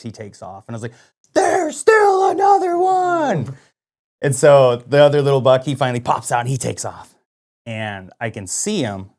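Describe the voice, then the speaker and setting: Casual male podcast co-host, lively storyteller who acts out what people said. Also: mid-range voice. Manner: animated storyteller, lots of "like" and quoted dialogue. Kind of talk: casual hunting story chat.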